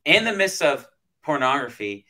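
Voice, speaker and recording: Man, pastor guest, bright forceful voice, animated emotional storytelling, restarts often. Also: on the high side, normal speed. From United States. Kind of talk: storytelling in an interview.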